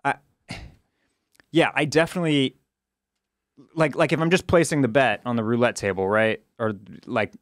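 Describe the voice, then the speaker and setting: A man co-hosting a podcast, agreeing often and thinking aloud with halting restarts in casual chat. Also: medium pitch, steady tone, no room sound, clean studio sound. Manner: lots of quick agreeing backchannels, halting restarts. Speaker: podcast co-host.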